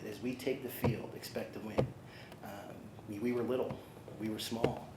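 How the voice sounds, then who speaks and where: A middle-aged man giving an emotional press conference speech as a new athletics director, halting and earnest, with many fillers and restarts. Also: on the low side, steady tone. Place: large conference hall. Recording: echoey hall with loud noise.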